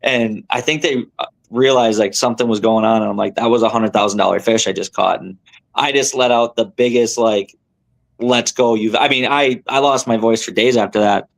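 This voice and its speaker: Gravelly young man telling a fishing story. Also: on the low side, fairly quick. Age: young adult. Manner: animated, rambling, lots of fillers and self-corrections. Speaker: tournament angler guest. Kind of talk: casual storytelling on a podcast.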